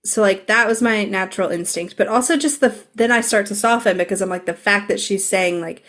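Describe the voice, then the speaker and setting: A woman's voice: mid-range voice, fairly quick, few pauses, fairly bright tone. Woman co-host, stuffy nose from a cold, emotional casual chat, swears a lot. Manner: emotional, swears casually, acts out quoted lines. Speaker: podcast co-host.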